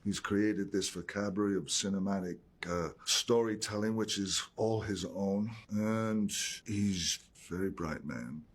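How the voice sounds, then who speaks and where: A man from Ireland, an actor, telling an animated story in an interview. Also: on the low side, measured pace, few pauses, breathy edge. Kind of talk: casual interview answer.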